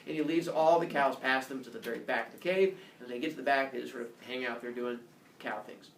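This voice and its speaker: A man's voice: medium pitch, fairly even intonation, quick pace, gravelly. A man retelling a myth in a casual, playful, jokey way. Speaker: storyteller. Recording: echoey room, distant mic, faint noise.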